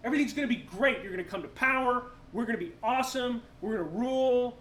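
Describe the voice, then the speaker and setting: A man's voice: very high voice, quick pace, a bit bright, reverberant, a little hiss or hum. A man voicing an overconfident male disciple in a breezy, enthusiastic way. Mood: eager.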